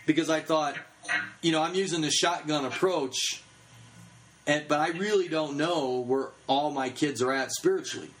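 A man's voice: fairly high pitch, low-quality recording. A man in his thirties giving a casual teaching talk on children's ministry, chatty and full of fillers.

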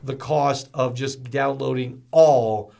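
A man hosting a ministry podcast, talking in an energetic, storytelling way with folksy asides. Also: mid-range voice, slow, vocal fry. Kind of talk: motivational podcast talk.

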